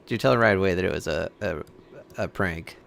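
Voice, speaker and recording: Deep gravelly man chatting over a game. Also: fast talker, fairly bright tone, a little hiss or hum. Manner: prodding questions between game reactions. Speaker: streamer. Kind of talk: casual chat over gameplay.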